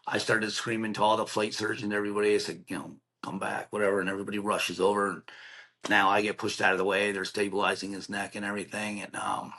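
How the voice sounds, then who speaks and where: Low-voiced man telling an emotional story. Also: flat delivery, fast talker, pushed and bright. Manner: acts out quoted dialogue, earnest and plainspoken. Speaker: podcast guest.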